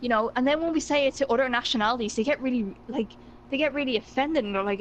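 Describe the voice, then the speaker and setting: A woman's voice: a little high, quick pace, a little hiss or hum, rough recording. A woman from Ireland with an Irish accent, chatting casually as a guest and filling her talk with "like". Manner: chatty, many "like" fillers. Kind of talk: casual chat.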